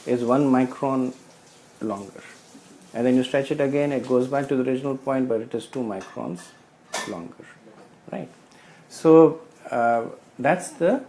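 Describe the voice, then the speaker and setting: A man's voice: mid-range voice, warm tone, low-quality recording. A man sharing realizations in a scripture study group, hesitating often and explaining through everyday analogies. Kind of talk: casual spiritual sharing.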